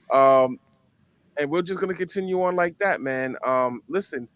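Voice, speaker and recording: A man's voice: fairly high pitch, a bit bright, clear, resonant tone. A man hosting a casual talk show, explaining at length with plenty of fillers. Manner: conversational, drawn-out explaining with fillers. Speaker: host. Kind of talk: casual chat.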